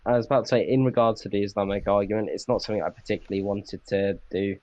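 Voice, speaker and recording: A man in a casual voice chat debate, speaking in a measured, careful way with hesitant restarts. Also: fairly low pitch, steady tone, lo-fi sound, background noise. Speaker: debate participant.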